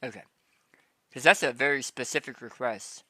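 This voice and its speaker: A man narrating as game master of a tabletop game in a relaxed way, with many ums and restarts. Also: mid-range voice, normal speed, dry recording.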